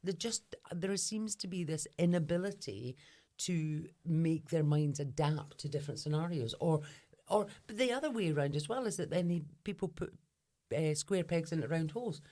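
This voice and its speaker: A woman with a lowish voice in easygoing podcast chat. Her pitch rises and falls a great deal, and she talks expressively and agrees readily. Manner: expressive, quick to laugh and agree. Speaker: podcast co-host. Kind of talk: casual chat.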